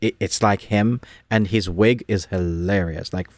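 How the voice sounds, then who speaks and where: A man with a fairly low voice chats casually about a film as a podcast co-host. He rambles, restarts his sentences and gets animated as he goes. The sound is dry, with no room echo. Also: a little slow. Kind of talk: casual movie review chat.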